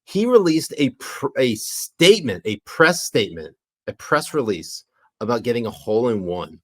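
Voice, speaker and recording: A man's voice: medium pitch, sing-song, normal speed. A man co-hosting a casual livestream podcast, joking, teasing his co-host and reading chat comments aloud.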